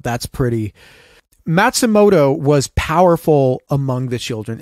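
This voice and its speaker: A man's voice: mid-range voice, no room sound, clean studio sound. A young adult man co-hosting a podcast, telling a history story from his notes with casual asides. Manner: reads researched notes, conversational asides. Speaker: podcast co-host.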